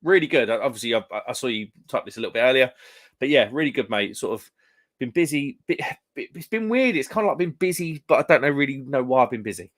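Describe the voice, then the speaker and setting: A man's voice: medium pitch, expressive, fast, fairly bright tone. Chatty rambling young British man. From United Kingdom. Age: young adult. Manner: rambling, chatty, lots of fillers and restarts. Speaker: live stream host. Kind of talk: casual chat with live chat viewers.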